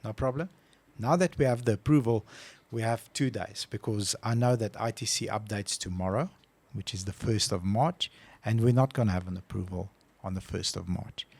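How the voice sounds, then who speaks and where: A man's voice: on the low side, normal speed, creaky, few pauses, darkish tone, slightly rough. A man co-hosting a casual podcast who tells stories with animation and acts out his phone calls. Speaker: podcast co-host. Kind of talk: casual chat.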